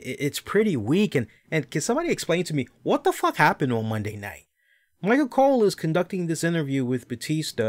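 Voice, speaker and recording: Profane, animated male wrestling podcaster. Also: on the high side. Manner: profane, animated rant with mocking impressions. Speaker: podcast host. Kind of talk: casual wrestling commentary.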